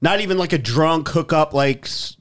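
A man's voice: on the high side, moderate pace, a bit bright. A man hosting a podcast in casual banter, crude and teasing. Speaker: podcast host.

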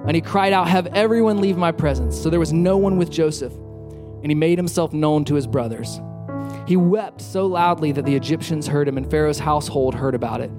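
A man's voice: a little high, brisk, over music. A pastor preaching conversationally, repeating phrases for emphasis and acting out the lines of people in his stories. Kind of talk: sermon with storytelling.

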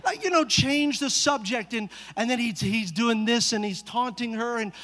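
A man with a very high voice preaches from a church stage, spinning a family story and firing rhetorical questions at the pews. His voice rings out with a long hall echo. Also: normal speed, a bit bright. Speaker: pastor. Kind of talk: sermon.

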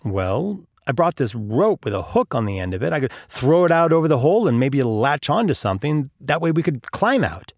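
A man voicing a patient, helpful male friend who talks calmly and reassuringly. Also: medium pitch, fairly quick, creaky, few pauses, no echo, studio quality.

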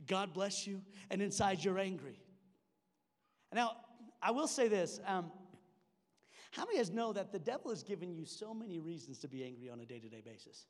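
A man's voice: high-pitched, very animated, fairly quick, pauses often. A young man preaching a sermon in church, conversational and joking, with frequent restarts. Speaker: pastor. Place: church sanctuary. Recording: long hall reverb.

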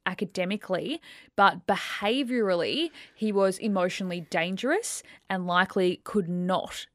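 A woman's voice: medium pitch, normal speed, dry recording, studio quality. Chatty woman telling a story. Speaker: podcast co-host telling a true crime story. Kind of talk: casual chat with storytelling.

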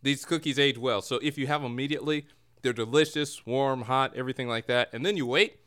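A man's voice: mid-range voice, fast talker, a bit bright, smooth. A man hosting a casual comedy podcast from a home room, with a playful mock radio-announcer delivery. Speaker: podcast host. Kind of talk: casual comedic chat show. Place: home room near a window.

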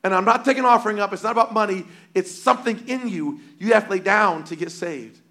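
Guy preaching a fired-up sermon, high voice, goes loud then hushed. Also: fast talker. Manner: impassioned, repetitive, swings between loud and hushed.

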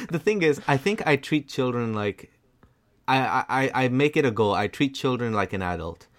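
A man's voice: mid-range voice, animated, normal speed. A young man co-hosting a podcast, talking casually and laid-back, dropping "like" and "man" often. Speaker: podcast co-host. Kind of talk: casual chat.

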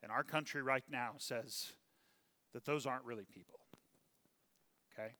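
Emphatic preacher in a reverberant church. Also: male voice, mid-range voice, normal speed, pushed and bright. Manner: emphatic, stretches key words, asides and chuckles. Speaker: pastor. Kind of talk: sermon. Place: church sanctuary. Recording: long reverb from a church hall.

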